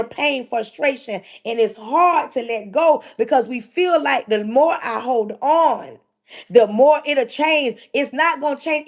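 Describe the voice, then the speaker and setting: A middle-aged woman speaks on a livestream in a preaching manner, her voice sitting a little higher than most. She hammers home each point with repetition and addresses the listener directly. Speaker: livestream host giving spiritual advice. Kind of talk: preaching-style livestream talk.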